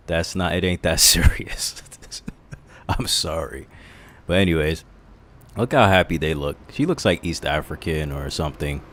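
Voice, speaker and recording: Deep-voiced man joking through reactions. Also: unhurried. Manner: crude, joking, laughs often. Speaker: stream host. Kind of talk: casual reaction commentary.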